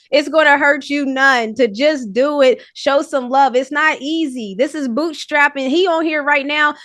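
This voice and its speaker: A woman co-hosting a podcast in casual chat, animated and urging listeners to support a friend's music. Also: sits high, no room sound, studio quality. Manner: animated, hypes and urges listeners. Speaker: podcast co-host.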